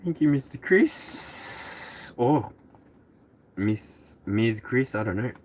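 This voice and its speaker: A man's voice: mid-range voice, big pitch swings, takes it slowly, a little mellow, slight background noise. A man hosting a live tarot reading stream, chatting casually with viewers, rambling and laughing often. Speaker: tarot reader.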